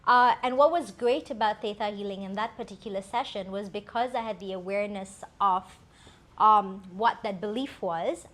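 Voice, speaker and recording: A woman's voice: medium pitch, fairly bright tone. A woman co-hosting a talk show, telling a personal story in a candid, reflective way with many fillers. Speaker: co-host.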